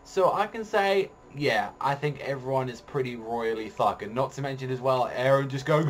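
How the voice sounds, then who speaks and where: A man's voice: a little high, expressive, normal speed. A man giving a casual spoken manga review, rambling with heavy swearing and lots of fillers.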